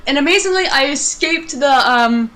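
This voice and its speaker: A woman's voice: sits high, expressive, normal speed, pushed and bright. A young woman from Maine chatting casually and swearing freely while streaming a game. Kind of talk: casual chat while gaming. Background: game music.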